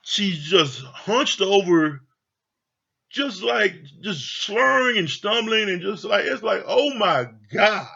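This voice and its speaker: A man with a somewhat high, bright and husky voice rambles through a reality TV recap in casual, profane commentary. He laughs often and swears freely. The recording is a little dull and lo-fi. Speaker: reality TV reviewer.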